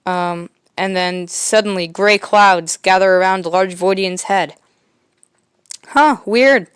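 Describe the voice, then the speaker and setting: A woman's voice: lowish voice, little pitch movement, a little slow, smooth, no echo, studio quality. A woman podcast host casually retelling a homemade comic, rambling with lots of fillers. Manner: rambling, filler-heavy, quietly amused.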